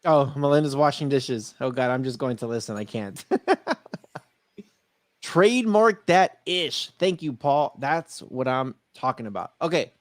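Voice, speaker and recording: A man's voice: mid-range voice, expressive, unhurried, no room sound, clean studio sound. A man co-hosting a casual streaming podcast, laughing a lot and reading out viewer comments. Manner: giggly, laughs often, reads out chat comments. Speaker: podcast co-host. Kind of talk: casual livestream chat.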